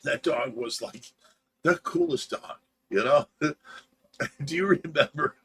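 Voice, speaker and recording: A man's voice: medium pitch, slow pace, fairly bright tone, slightly rough. A middle-aged man hosting a livestream, telling stories in a casual chat and laughing through them. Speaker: livestream host.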